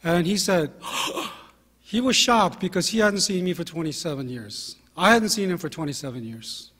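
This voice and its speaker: A man in his fifties, a pastor telling anecdotes in a relaxed sermon, with fillers and self-deprecating humor. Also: sits high, moderate pace. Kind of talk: conversational sermon storytelling. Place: church sanctuary. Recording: long hall reverb from a church.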